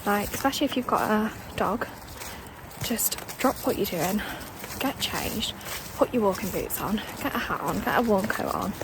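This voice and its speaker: A bubbly woman in her late twenties vlogs on a cold outdoor walk at normal speed, a little breathless from the climb and switching to high, sing-song baby talk for her dog. She holds her phone as she walks, so the outdoor audio carries clear background noise.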